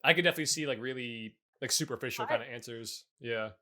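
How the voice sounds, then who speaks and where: A man's voice: mid-range voice, fast, sharp tone. A young adult man co-hosting a casual podcast chat. He rambles, full of fillers, and laughs along with his guest. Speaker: podcast co-host.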